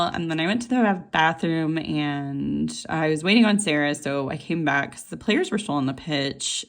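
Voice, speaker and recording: Low-voiced, rambling woman vlogger. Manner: chatty and rambling, with many fillers and laughs; gushing, voice jumps high when excited. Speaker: planner vlogger. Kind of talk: casual chat while planning.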